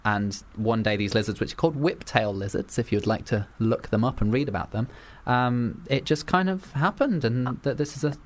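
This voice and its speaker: A man hosts a relaxed radio show, chatting loosely and rambling as he goes. His sentences restart often and fill up with likes and ums. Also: medium pitch, normal speed. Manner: chatty, rambling, filler-heavy. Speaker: radio host. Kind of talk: casual radio chat.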